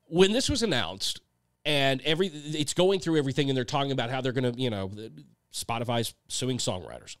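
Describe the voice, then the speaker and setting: A man's voice: mid-range voice, animated, fairly quick, smooth, no echo. A man hosting his own podcast, talking in a blunt, sarcastic, casual monologue and swearing freely into a close microphone. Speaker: podcast host and songwriter.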